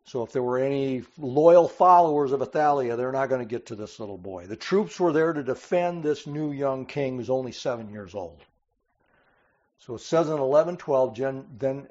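A man's voice: medium pitch, a little mellow, muffled recording. A man preaching a sermon, reading scripture aloud and explaining it with dramatic emphasis. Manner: dramatic, rising emphasis on quoted cries.

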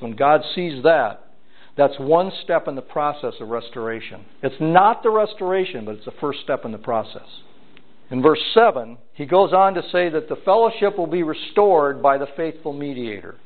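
A man preaching an expository sermon, reading scripture aloud and then explaining it in plain, conversational terms. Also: on the high side. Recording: tinny phone-like lo-fi audio.

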